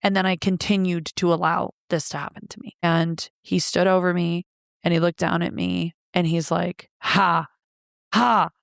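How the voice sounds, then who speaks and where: A woman's voice: on the low side, little pitch movement, moderate pace, vocal fry, no room sound, clean studio sound. A woman, an interview guest, bluntly retelling a painful personal story with frequent profanity.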